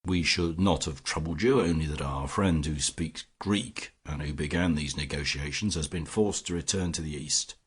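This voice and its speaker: A man voicing a soft-spoken, sinister older male captor who threatens quietly in an audiobook reading. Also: very deep voice, moderate pace, few pauses, slightly rough, voice pushed down. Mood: quiet menace. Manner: quiet, menacing, giggling.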